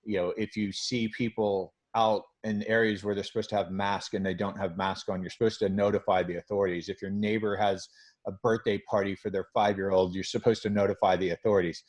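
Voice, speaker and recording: A man's voice: lowish voice, flat delivery, fairly quick. A man hosting a podcast interview, talking earnestly and emphatically and restarting his phrases. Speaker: podcast host. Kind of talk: conversational interview.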